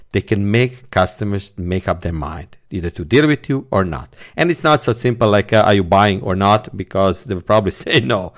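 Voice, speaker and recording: A man hosting a solo podcast, teaching sales techniques and stressing key words in his examples. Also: fairly low pitch. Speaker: podcast host, sales trainer.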